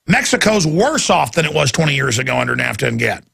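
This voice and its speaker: A man's voice: fairly high pitch, sing-song, fast talker, gravelly, a bit bright, slightly rough. A man hosting a talk radio show, ranting emphatically in a heated monologue and taking callers. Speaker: radio host.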